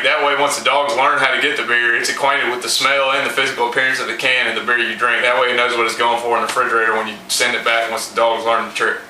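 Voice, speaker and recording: A man's voice: medium pitch, bright, forceful tone, distant mic, a little hiss or hum. Folksy man in an echoey room. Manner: plain, folksy and informal, with many fillers. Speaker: dog trainer. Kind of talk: instructional how-to talk.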